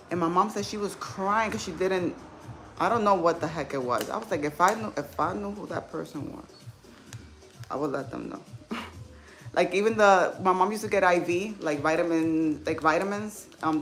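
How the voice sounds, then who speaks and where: Woman livestream host, emotional storytelling, casual chat, faint music behind. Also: fairly low pitch. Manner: emotional storytelling, reading viewer comments aloud.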